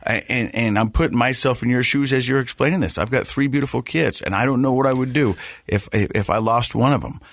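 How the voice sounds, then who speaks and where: A man hosts a podcast in an ordinary mid-range voice. He asks his questions gently and with empathy, stumbling a little as he feels his way. The recording is dry and close. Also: mid-range voice, fast, no room sound. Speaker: podcast host. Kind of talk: interview questions.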